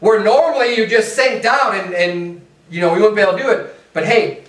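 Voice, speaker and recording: High-voiced preacher in an echoey church. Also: male voice, a little fast, fairly bright tone, distant mic. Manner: casual, repeats rhetorical "right?" and "hey". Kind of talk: conversational sermon. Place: church sanctuary.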